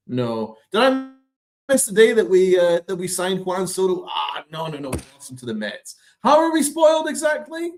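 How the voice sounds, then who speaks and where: Man, slightly higher voice, sarcastic ranting podcast host, exasperated and profane. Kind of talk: ranting sports commentary.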